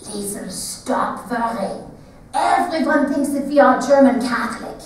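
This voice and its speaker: An anxious, cautious father who speaks slow and low, scolding gently, as a woman puts him on in a one-woman stage show. The voice sounds distant and echoey in a large theater. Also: expressive. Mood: stern. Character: cautious, anxious middle-aged immigrant father.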